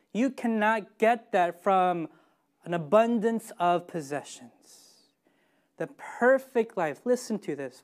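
A woman's voice: medium pitch, darkish tone. A woman preaching a sermon, emphatic and often putting questions to her listeners. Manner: emphatic, asks the congregation questions.

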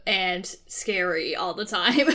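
A woman's voice: on the low side, slow pace, sharp tone. A woman co-hosting a podcast in casual chat, jokey and tripping over her words. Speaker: podcast co-host.

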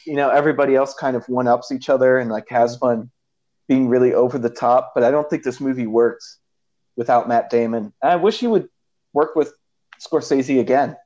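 A man's voice: medium pitch, moderate pace, dark tone, highs cut off. A man co-hosting a casual podcast about a movie, rambling with many fillers and restarts. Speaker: podcast co-host.

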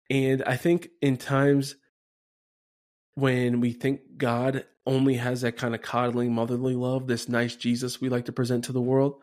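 A podcast host from the Denver area, USA, leads a Catholic reflection podcast in a mid-range, slightly mellow voice. His delivery is casual and conversational, and he often tags his points with "right?".

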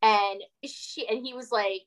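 A woman in her forties, a podcast guest telling animated stories and swearing freely. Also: on the high side, unhurried, poor audio. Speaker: guest, former reality TV cast member. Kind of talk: casual podcast chat, storytelling.

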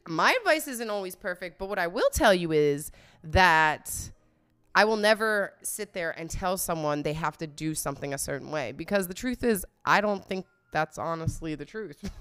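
A woman's voice: mid-range voice, very animated, normal speed, a bit bright, smooth. A woman giving casual, blunt and profane commentary, laughing often as she reacts to a video.

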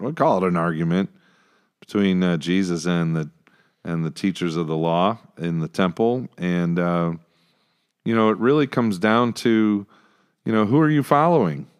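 Low-voiced man in casual Bible chat. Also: smooth. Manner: relaxed, thinking aloud with many fillers. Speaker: co-host discussing scripture.

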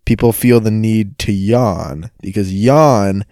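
A man's voice: on the low side, slow, warm tone, no echo. A man co-hosting a casual podcast, teasing his co-host bluntly and swearing freely.

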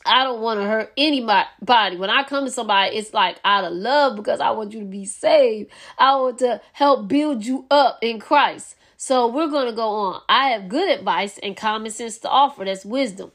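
A woman's voice: a little high, normal speed, hardly any pauses, a bit bright. A woman hosting a faith podcast, teaching from scripture in an earnest, preachy way and repeating phrases for emphasis. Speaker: podcast host. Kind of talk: casual Bible teaching.

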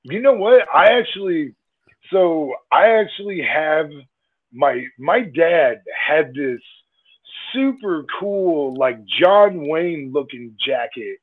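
A man's voice: fairly high pitch, expressive, slow pace, husky. A man joining a podcast as a guest in casual chat, a laid-back, joking storyteller who laughs easily, heard over a tinny phone-like call line.

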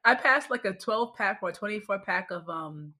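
Husky, bright-toned woman podcast co-host. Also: medium pitch, animated, moderate pace. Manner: exasperated, rambling anecdotes. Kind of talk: casual chat.

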